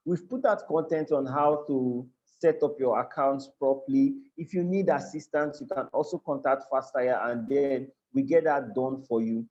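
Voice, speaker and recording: On a lo-fi video call, a Nigerian man with a fairly high, warm voice teaches a class live online. His delivery is earnest and full of repeated, restarted phrases, and he frequently checks in with the listeners.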